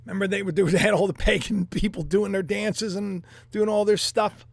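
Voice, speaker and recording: Guy rambling through his own commentary show, high voice, jokes around, repeats himself a lot, dry sound. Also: steady tone, moderate pace, vocal fry, dry recording. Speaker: YouTube commentary host. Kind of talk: casual commentary.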